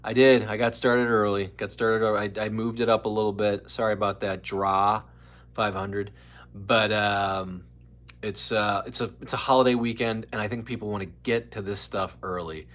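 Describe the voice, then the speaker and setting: A man's voice: fairly low pitch, steady tone, moderate pace, a bit bright. Rambling, chatty man hosting a live stream. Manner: rambling, chatty, greets viewers by name. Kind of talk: casual live stream chat.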